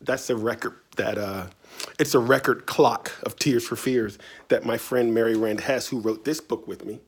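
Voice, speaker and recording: A man's voice: mid-range voice, fairly even intonation, moderate pace, slightly rough. A man from Virginia answering reader questions in a casual, playful, chatty way from his writing studio. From Tidewater Virginia, US. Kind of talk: casual video Q&A.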